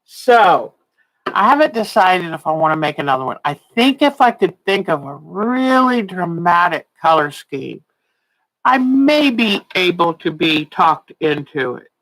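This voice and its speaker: Slow-talking chatty woman in her sixties. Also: lowish voice, big pitch swings, fairly bright tone, rough recording. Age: 60s. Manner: chatty, laughs often, tired and yawning. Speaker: quilting teacher. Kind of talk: casual livestream teaching.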